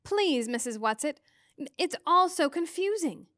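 A woman's voice: sits high, animated, moderate pace, fairly bright tone, no room sound, clean studio sound, voice pushed up. A woman voicing an anxious teenage girl. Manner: worried, pleading.

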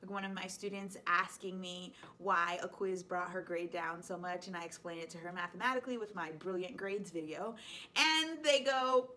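Bright-voiced woman host, playful. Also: fairly low pitch, moderate pace. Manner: chatty and playful, laughs often. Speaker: host, high school teacher. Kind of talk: casual explainer vlog.

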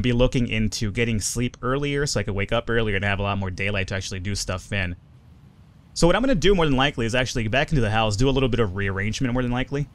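A young man chatting casually through a survival game, swearing often and jumping up in pitch when excited. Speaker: gaming video host. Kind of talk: casual let's play commentary.

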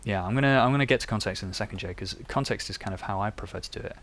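A man's voice: fairly low pitch, very fast, a bit bright. A young man chatting and thinking aloud while he codes live on stream. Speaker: developer live-coding on stream. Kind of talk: live coding tutorial.

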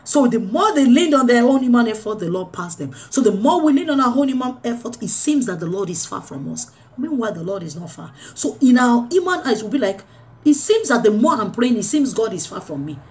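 A woman preaching a sermon, swinging between loud urging and low, quiet lines. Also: very animated, a little fast.

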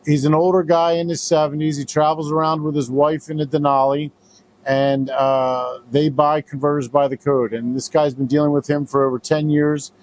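A man's voice: fairly high pitch, flat delivery, moderate pace, a little mellow. A man who runs a recycling business, talking casually to camera and telling a story, with plenty of fillers as he goes. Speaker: business owner. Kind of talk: direct-to-camera business talk.

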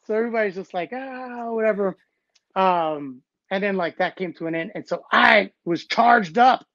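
A man guest recounting old stories in a casual, animated way, acting out what others said. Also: sits high, moderate pace, dry recording. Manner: animated, acts out quotes from others. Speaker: interview guest, b-boy. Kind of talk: casual storytelling. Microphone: phone or call audio. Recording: dull, dry call audio.

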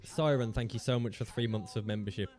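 A man's voice: on the low side, fairly quick, darkish tone, soft background music. Rambling male streamer. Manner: rambling, chatty and self-mocking, swears freely. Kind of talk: casual live-stream chat.

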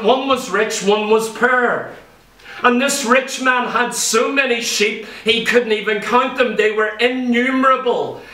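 Picked up by a distant mic amid roomy church acoustics, a man in a church hall preaches emphatically on a Bible story, repeating its key phrases. He has a very high-pitched, bright voice with a forceful tone.

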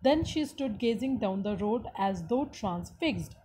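A woman's voice: mid-range voice, animated, measured pace, warm tone, slight background noise, poor audio. A woman teacher who reads a story aloud and then explains it in simple words, often calling out to the student. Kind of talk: reading a textbook and explaining to students.

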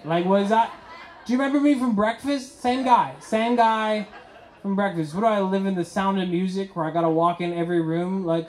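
A man performs stand-up on a club stage, telling stories and slipping into acted-out lines. His voice sits high for a man. Faint live-room noise runs under him. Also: normal speed, reverberant, poor audio. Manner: storytelling with acted-out dialogue. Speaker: stand-up comedian. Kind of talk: stand-up comedy set.

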